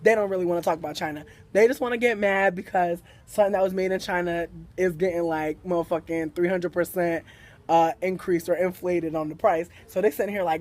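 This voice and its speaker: A high-pitched man lets loose about his customers in a sassy, profane rant. He acts out the people he serves with mock quotes and keeps the talk loose and animated, like a hat shop worker venting on his break. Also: quick pace. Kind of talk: casual rant to camera.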